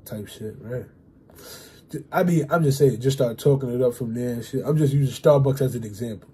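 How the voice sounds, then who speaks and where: Young male vlogger, husky and warm-toned, casual and rambling, swears freely, fills gaps with "uh" and "you know". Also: mid-range voice, a little fast. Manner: loose and rambling, heavy fillers and swearing. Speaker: YouTuber giving dating advice.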